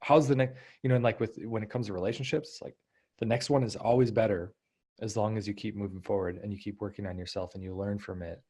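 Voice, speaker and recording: A man in his thirties, a guest coach in a casual interview, explaining ideas and acting out inner thoughts in lively asides. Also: on the low side, quick pace, slightly rough. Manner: animated, acts out inner voices.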